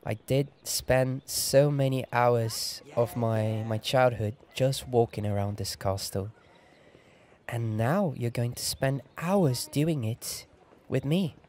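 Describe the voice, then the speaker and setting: Soft-spoken young man playing a game. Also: medium pitch, slow, slight background noise. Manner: soft, relaxed, chuckling asides. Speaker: gameplay host.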